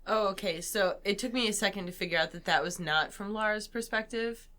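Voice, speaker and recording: A woman co-hosting a let's play, reacting casually with lots of filler words. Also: medium pitch. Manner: relaxed, quick reactions, lots of "like". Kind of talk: casual gameplay chat.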